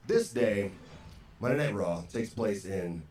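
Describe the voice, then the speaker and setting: Male podcast guest, low voice, casual frank storyteller, roomy echo, slight hiss. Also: animated, unhurried, darkish tone, faint music behind. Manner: frank, conversational, frequent "you know". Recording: roomy echoey sound, faint background noise.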